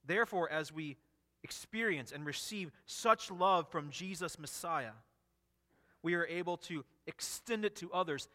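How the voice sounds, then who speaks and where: A man's voice: fairly high pitch, measured pace, sharp tone, in a large hall. A man preaching an expository sermon, earnest and emphatic, often repeating and restarting phrases. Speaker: pastor.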